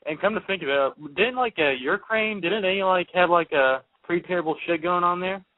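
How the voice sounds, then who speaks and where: A man's voice: high-pitched, normal speed. A man calling into a talk radio show, speaking casually and loosely, with lots of filler words. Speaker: caller. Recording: dry phone line.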